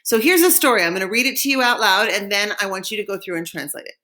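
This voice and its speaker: A woman leads a recorded French lesson. She says each phrase slowly and clearly so that students can repeat after her, then moves on in an encouraging teacher's voice. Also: mid-range voice, lively intonation, sharp tone. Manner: slow modeling of phrases for repetition.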